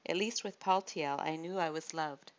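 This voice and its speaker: Bitter young queen in an audiobook, resentful edge, as a woman reader plays her; low voice, dull lo-fi sound. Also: fairly even intonation, brisk. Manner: resentful, sharp.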